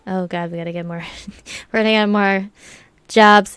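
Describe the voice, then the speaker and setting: A woman hosting a gaming channel, commenting casually and excitedly while she plays, often laughing. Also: medium pitch, normal speed, long pauses, clear, resonant tone, dry recording. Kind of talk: casual let's play commentary.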